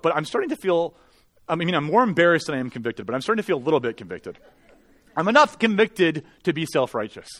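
A young man, a pastor preaching a sermon and telling a lively story about himself with self-mocking humor. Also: sits high. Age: young adult. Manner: animated storytelling, laughs at himself, confessional.

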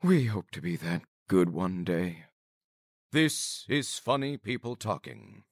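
A man's voice: sits low, big pitch swings, slow pace. A man announcing the show with a scripted, mock-serious comic promo.

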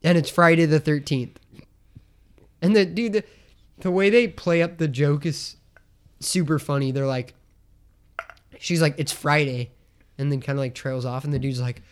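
A young man talks through a movie on a casual podcast, his voice a touch high and smoothly clear. He rambles, curses freely and slips into quick impressions of the characters as he retells scenes. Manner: rambling, acts out characters' lines in silly voices, swears freely. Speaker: podcast co-host. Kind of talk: casual chat.

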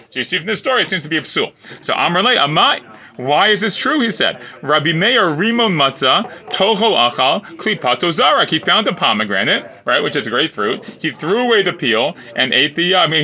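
A man's voice: a little high, sharp tone, muffled recording. A man teaching a Talmud class in a casual way, reading Aramaic lines and then explaining them loosely with fillers and restarts.

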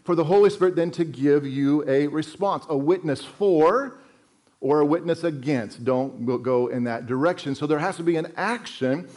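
Earnest pastor preaching. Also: male voice, a little high, darkish tone. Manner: earnest, emphatic preaching with slow stressed phrases. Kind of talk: sermon.

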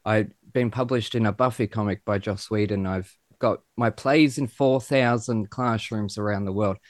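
A man's voice: fairly low pitch, normal speed, no echo, clean studio sound. A man, hosting a podcast and talking in a gushing, emotional way. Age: 30s. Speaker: podcast host. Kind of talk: casual chat.

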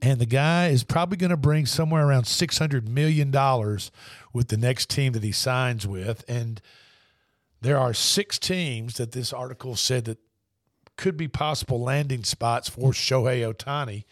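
With a medium-pitched voice at a moderate pace, this man sounds studio-clean with no echo. He hosts a sports radio show, an easygoing storyteller who wanders off and restarts as he talks sports casually.

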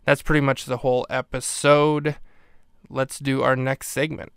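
A man's voice: medium pitch, level tone, unhurried, gravelly, noisy background. A man hosting a podcast, casually recapping and ranking a sitcom episode in a rambling way, with plenty of ums and restarts. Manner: rambling, filler-heavy recap. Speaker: podcast host.

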